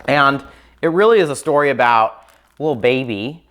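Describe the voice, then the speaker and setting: A man's voice: mid-range voice, animated, moderate pace, a bit bright. A man casually reviewing children's picture books on camera, chatty and enthusiastic, with plenty of ums and likes. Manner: chatty, filler-heavy, enthusiastic. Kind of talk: casual book review chat.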